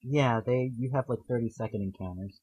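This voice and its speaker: This man hosts a casual video game podcast, musing thoughtfully, hedging his points and reading quotes aloud. His mid-range voice is a little fast, a little mellow and slightly rough, captured on a low-quality recording.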